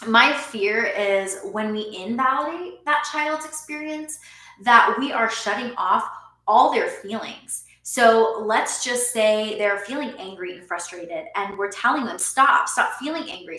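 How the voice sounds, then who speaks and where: Woman in her thirties, parent coach, earnest vlog talk, bright tone, roomy echo. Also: medium pitch. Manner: earnest, explanatory, laughs often. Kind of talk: talking-head vlog.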